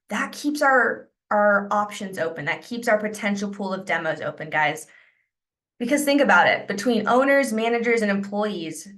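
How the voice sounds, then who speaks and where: Woman sales trainer on a video call, upbeat coaching delivery, acts out sample pitches. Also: fairly bright tone.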